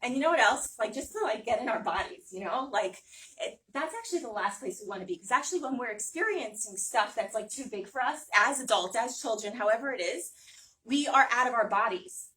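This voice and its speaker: A woman's voice: a little high, expressive, a little fast, sharp tone. A woman giving a casual talk to a small audience, chatty, with many fillers and frequent "right?". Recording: voice from some distance.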